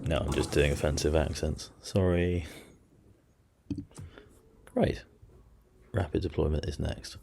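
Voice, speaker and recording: A man with an extremely low, heavily gravelly voice talks through a strategy game. His dark tone stays relaxed as he mutters to himself and makes self-deprecating asides. Faint noise sits under the recording. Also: slow pace, long pauses. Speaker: let's play host. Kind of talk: casual strategy game commentary.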